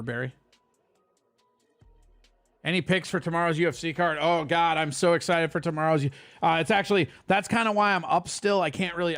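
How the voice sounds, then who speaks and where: Male stream host, gravelly, slightly high, casual and foul-mouthed, faint music bed. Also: a bit bright. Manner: loose, profane, reads chat aloud. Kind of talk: casual live stream chat.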